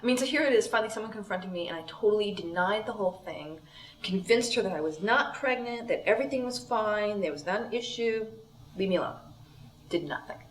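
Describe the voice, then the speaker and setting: A woman's voice: mid-range voice, lively intonation, fairly quick. A woman, a birth mother, tells her story reflectively in a documentary interview. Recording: roomy, distant mic with music.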